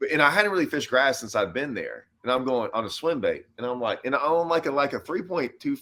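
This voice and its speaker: Man in a relaxed conversational chat, talks like a pro angler, spins a long story, acts out the quotes in his tale. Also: mid-range voice, a little fast. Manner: animated storyteller who acts out his own and others' quoted lines. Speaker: host and professional bass angler.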